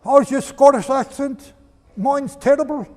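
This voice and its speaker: High-voiced preaching man, echoing hall. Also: steady tone, unhurried. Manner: emphatic, asks the audience questions. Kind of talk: preaching lecture with readings. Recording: long reverb.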